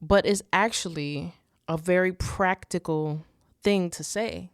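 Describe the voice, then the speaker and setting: A woman's voice: fairly low pitch, takes it slowly, no room sound, studio quality. A young woman hosting a faith podcast, talking earnestly and casually, with many restarts and rhetorical "right?"s. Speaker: podcast host.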